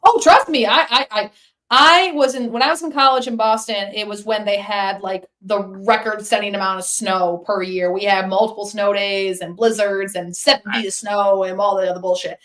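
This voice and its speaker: A young woman guest on a podcast, a rock musician telling stories in a lively, casual way. She swears freely and slips into little acted-out quotes. Her voice sits at a middle pitch. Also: normal speed. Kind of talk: casual interview chat.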